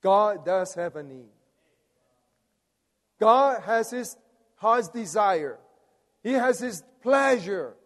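High-voiced preacher in a reverberant hall. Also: male voice, lively intonation, takes it slowly, long pauses. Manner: rousing, coaxes the audience to respond. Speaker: preacher leading a conference message. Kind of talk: sermon. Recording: long reverb of a large hall.

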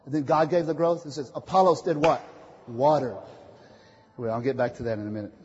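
A man preaching a sermon, calling out questions for the congregation to answer and swinging from quiet asides to loud declarations. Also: medium pitch, a little fast, a little hiss or hum. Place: church meeting hall. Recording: muffled, echoey hall recording.

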